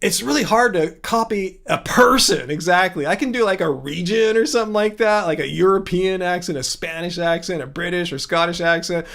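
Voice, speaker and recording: A man's voice: high-pitched, fairly bright tone. A man hosting a casual livestream, reading chat comments and arguing his point with sarcastic asides, often chuckling and restarting words.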